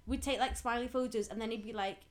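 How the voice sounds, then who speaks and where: A woman's voice: fairly high pitch, steady tone, quick pace. A young woman, co-hosting a casual podcast chat. She laughs often and acts out other people's lines as she tells stories. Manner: giggly, storytelling, acts out quotes. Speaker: podcast co-host.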